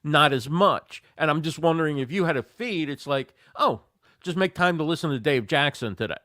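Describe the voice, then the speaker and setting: Slightly high-voiced man thinking aloud. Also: animated, moderate pace, pushed and bright, no echo, clean studio sound. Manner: thinking aloud, hesitant, laughs often. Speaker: podcast guest. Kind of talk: casual chat.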